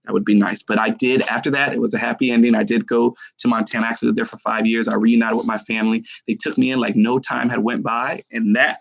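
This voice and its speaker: A middle-aged man chats on his live stream in a gravelly, creaky voice, pouring out personal memories with open feeling. The sound is dry and close, with no room echo. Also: mid-range voice, level tone, fast talker, few pauses. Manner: emotional, heartfelt storytelling. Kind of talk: casual live-stream chat.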